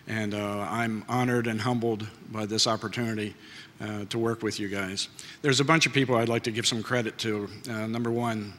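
A man in his late fifties stands at a podium and gives a folksy, heartfelt acceptance speech. He speaks in a bright, forceful voice and fills his pauses with uhs. His voice rings through a large banquet hall with a long reverb. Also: medium pitch. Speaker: award inductee.

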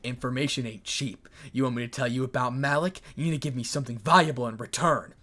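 A man's voice: medium pitch, quick pace. A man reading a fan story aloud, voicing a cold, mocking young man who has turned villain. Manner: flat, cold and sneering delivery.

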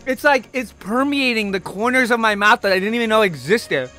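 A man hosting his own vlog speaks in a high, excitable voice, calling out to his viewers as he goes. Clear background music plays under his casual commentary. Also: brisk. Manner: excitable, talks straight to viewers. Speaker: streamer and video host.

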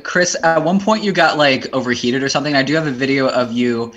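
A cast member chatting loosely in a commentary stream, telling stories from the shoot with some swearing. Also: male voice, mid-range voice, brisk, fairly bright tone.

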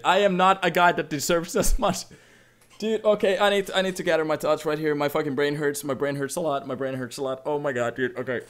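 Excitable male streamer, slightly high voice, overwhelmed, swears a lot. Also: brisk. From Finland. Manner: excitable, swears constantly, swings from shouting to mumbling. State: emotionally overwhelmed. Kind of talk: live stream commentary.

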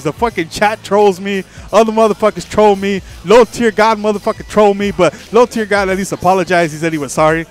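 Profane, animated male streamer. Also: high-pitched, a little fast, soft background music. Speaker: livestream host. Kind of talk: casual storytelling on stream.

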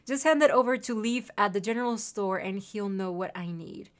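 A woman's voice: medium pitch, moderate pace, lightly acted. A woman reading aloud the lines of a chatty male shopkeeper in a game, in a friendly tone. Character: chatty male shopkeeper, fond of pungent food.

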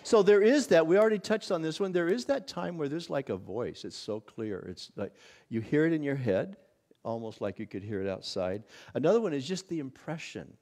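A visiting pastor teaching a church workshop in a casual, conversational way, often acting out little exclamations of wonder. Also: male voice, a little high, animated, fairly quick, a little mellow. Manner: conversational, many restarts and acted-out inner exclamations.

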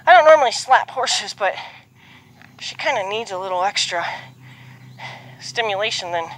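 A horse trainer speaking outdoors, softly reassuring a nervous horse over and over and now and then explaining her training to the camera. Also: medium pitch, normal speed, long pauses, a little hiss or hum. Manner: soft, reassuring repetition to a horse.

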